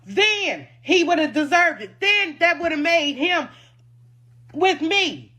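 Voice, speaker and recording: Woman, high-pitched, bright tone, indignant, defensive, repeats herself for emphasis. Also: lively intonation, slow pace. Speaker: food truck owner. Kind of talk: emotional personal statement.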